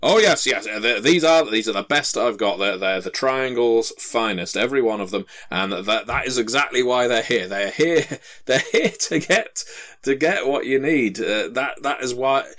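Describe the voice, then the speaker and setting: A man's voice: medium pitch, animated, moderate pace, a bit bright, voice pushed up, lightly acted. A man voicing a nervous male dwarf merchant who stammers his way through excuses. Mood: flustered.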